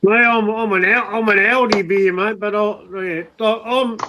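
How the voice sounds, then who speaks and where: A man's voice: sits high, steady tone, normal speed. An Australian man chatting as a guest on a live stream, sweary and matey. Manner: sweary, matey, laughing easily. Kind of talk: casual live-stream chat. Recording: noisy live-stream audio.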